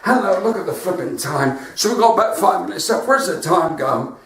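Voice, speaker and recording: A West Country comedian talks and laughs his way through a home live stream. His voice sits high and swings all over the place. He is heard from a few feet off, in a room full of echo. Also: lively intonation, fairly quick, vocal fry, a bit bright, recorded from a distance. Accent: West Country English. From West Country of England. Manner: chatty, laughs at his own jokes.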